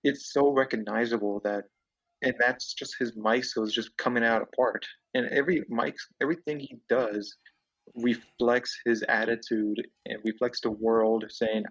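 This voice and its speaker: A man's voice: lowish voice, steady tone, moderate pace, husky, recorded from a distance, highs cut off. A man in a casual podcast debate, arguing insistently and rambling through his points. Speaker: co-host debating wrestlers.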